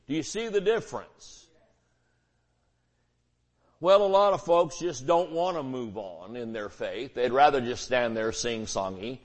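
A man's voice: mid-range voice, a little mellow. A man preaching a sermon as pastor, folksy and conversational, with homespun illustrations.

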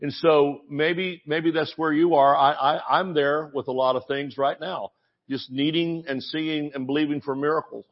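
A man preaching a sermon as pastor, telling stories with animated asides and mimicking voices in quotes. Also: on the high side, normal speed, lo-fi sound.

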